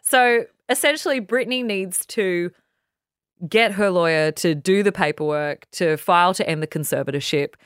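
A woman co-hosting a casual podcast, her voice low and noticeably smooth. She walks through the news earnestly, stacking one point after another. The sound is close and dry, with no room around it. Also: normal speed, dry recording. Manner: earnest, retells news in long lists. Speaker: podcast co-host. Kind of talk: casual chat.

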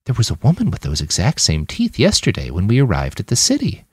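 Brief: man doing a cautious young woman, careful, lifts into a higher register. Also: wildly swooping pitch, fairly quick, darkish tone, slightly rough, no echo, studio quality, exaggerated voice. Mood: puzzled. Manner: hesitant and careful.

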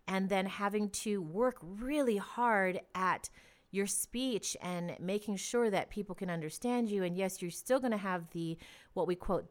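Chatty woman hosting a podcast. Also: fairly low pitch. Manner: chatty and laughing, quick storytelling. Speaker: podcast host. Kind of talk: casual interview talk.

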